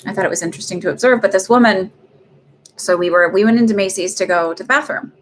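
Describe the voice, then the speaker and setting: A woman's voice: mid-range voice, fast talker, slight background noise. A middle-aged woman hosting a psychic reading livestream, chatting casually and rambling with lots of fillers and laughs. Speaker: psychic medium livestream host.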